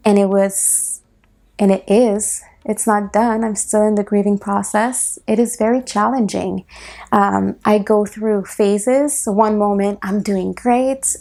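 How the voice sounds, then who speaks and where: A woman hosting a personal solo podcast, speaking softly and reflectively, close to tears at times. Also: mid-range voice, vocal fry. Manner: soft, reflective, slow and heartfelt. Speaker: podcast host.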